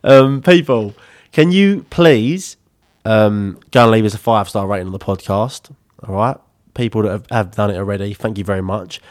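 A man's voice: fairly low pitch, moderate pace, no echo, clean studio sound. A man, co-hosting a casual podcast chat, swearing freely and laughing often. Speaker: podcast co-host.

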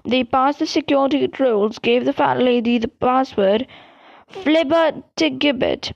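A woman's voice: sits high, a little slow, vocal fry, no echo. A woman reading a novel aloud, sometimes stumbling and restarting words. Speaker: reader. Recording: dull, dry lo-fi recording.

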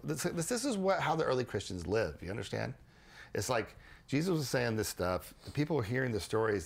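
In a low, gravelly voice, a man hosting a podcast explains his ideas casually and with energy. He keeps restarting his sentences and repeating words.

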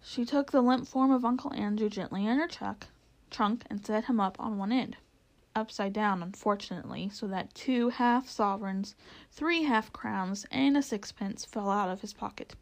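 A woman reading a children's storybook aloud as narrator, in a lively, expressive way. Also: medium pitch, normal speed, low-quality recording.

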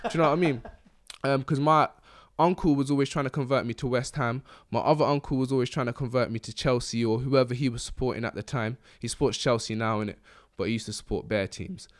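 A man's voice: mid-range voice, fairly even intonation, fast talker. Slangy young man, rambling. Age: young adult. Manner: slangy, rambling, laughs often. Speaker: podcast host. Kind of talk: casual chat.

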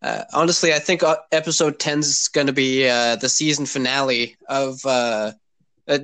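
A young man in his twenties hosting a podcast in a loose, rambling way, full of fillers and restarts. His voice sits at an ordinary middle pitch. It sounds close and dry, with no room sound. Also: steady tone, normal speed, fairly bright tone, smooth, dry recording, low-quality recording. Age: 20s. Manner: rambling, filler-heavy, often asks "you know what I mean". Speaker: podcast host. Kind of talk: casual podcast chat.

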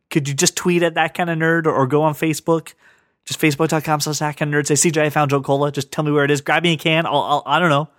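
A man's voice: on the high side, dry recording. Podcast host guy, rambly, stumbles over his words, dry close mic. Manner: rambling, repeats words when excited. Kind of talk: casual podcast chat.

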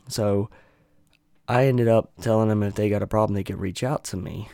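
A man with a very low voice hosts his podcast from a dry, close setting. He tells his story casually and sarcastically, shrugging things off. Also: fairly even intonation, moderate pace, gravelly, mellow, no echo. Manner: casual, sarcastic, swearing, laughs it off. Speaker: podcast host.

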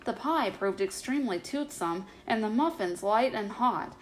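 A woman reading a bedtime story aloud as narrator, calm and measured. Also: mid-range voice, rough recording.

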